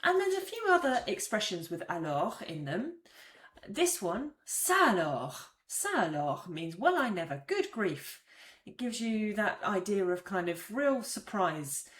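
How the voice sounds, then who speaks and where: A woman's voice: mid-range voice, very animated, a little slow, roomy sound. A woman teaching French phrases in a chatty, explanatory way, acting out examples. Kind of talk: casual video lesson.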